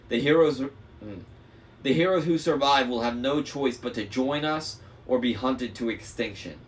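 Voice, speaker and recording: A man voicing a smug young male traitor demigod, smooth, mocking and persuasive. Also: medium pitch, lightly acted. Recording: faint noise, slightly distant mic.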